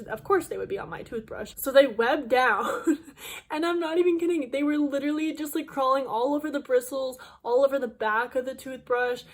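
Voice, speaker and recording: A young woman YouTuber with a voice on the high side. She tells a casual storytime, chatty and dramatic, with lots of fillers.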